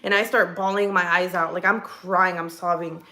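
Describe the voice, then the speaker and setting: A woman's voice: fairly low pitch, little pitch movement, moderate pace, sharp tone. A woman chatting casually at home, telling a personal story with lots of fillers, restarts and swearing. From California. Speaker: livestream host. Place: home kitchen.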